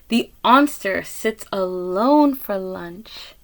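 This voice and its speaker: A woman reads a picture book aloud to children in a gentle, expressive way. She gasps at the pictures and breaks off for little asides to her listeners, in a fairly high voice at an unhurried pace. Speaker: read-aloud reader.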